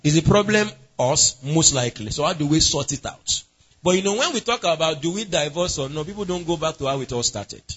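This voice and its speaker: Male pastor, husky, interactive sermon, lo-fi stream sound. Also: fairly high pitch, lively intonation, a little fast, fairly bright tone. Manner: asks the congregation questions and calls on members by name.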